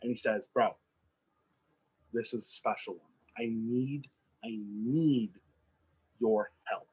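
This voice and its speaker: A man's voice: lowish voice, slow pace, husky, poor audio. A man co-hosting a podcast, casually telling a made-up movie plot and acting out the characters' lines. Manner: animated, acts out characters' lines. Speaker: podcast co-host. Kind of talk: casual storytelling chat.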